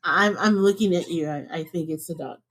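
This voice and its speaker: A woman's voice: a little fast, husky. Chatty, laughing woman podcast host. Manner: chatty and laughs often, with lively swings up in pitch. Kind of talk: casual podcast chat. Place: home.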